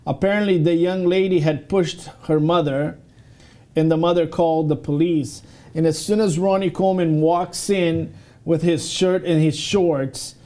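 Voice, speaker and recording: A man with a noticeably high-pitched voice tells a funny story on a talk panel. He sounds amused as he talks. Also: a little mellow. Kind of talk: casual storytelling on a talk show.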